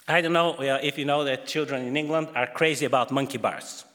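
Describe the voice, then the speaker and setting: A man's voice: a little high, normal speed, a bit bright, big-room sound. A man preaching a sermon in a church, speaking hesitantly with many fillers.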